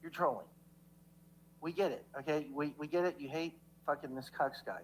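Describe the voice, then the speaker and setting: A man's voice: on the high side, normal speed, slight background noise, low-quality recording. A man ranting in a rambling way, stammering through restarts and swearing heavily while he philosophizes at his viewers. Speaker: livestreamer in played clips. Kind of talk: rambling profane rant.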